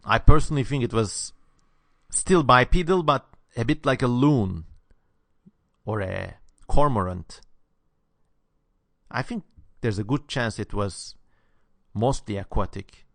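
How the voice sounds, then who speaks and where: A man with a Southeastern European accent, whose first language is not English, answers viewer questions in a lively, opinionated way, with sharp, sibilant consonants. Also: medium pitch, a little slow, creaky, pauses often, dry recording. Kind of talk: casual Q&A monologue.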